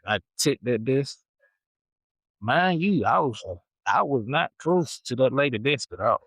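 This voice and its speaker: Animated man telling a story. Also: mid-range voice, unhurried, breathy edge, dry recording, poor audio. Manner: animated, slangy, repeats himself. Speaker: podcast host. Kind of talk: casual storytelling.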